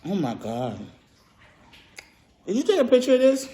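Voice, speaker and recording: A woman's voice: mid-range voice, huge pitch swings, moderate pace, mellow. A woman hosting a casual eating vlog at home. She gushes over the food with lots of fillers and mm sounds. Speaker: mukbang vlogger. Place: at home, indoors. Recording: echoey room.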